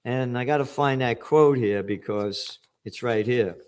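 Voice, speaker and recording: An older man rants about the news in an angry, profane, emphatic way. His voice sits at an ordinary middle pitch for a man. He punches key words and mocks what he reads out. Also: measured pace, a little mellow, smooth. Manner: angry, profane, emphatic ranting with sarcastic mock quotes. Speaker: trends forecaster hosting a news commentary. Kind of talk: ranting news commentary.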